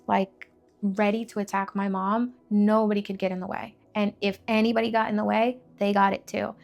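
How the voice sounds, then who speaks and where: A woman's voice: mid-range voice, vocal fry. A young woman telling her own life story with candor and emotion, full of fillers and restarts. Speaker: faith vlogger. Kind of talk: personal testimony.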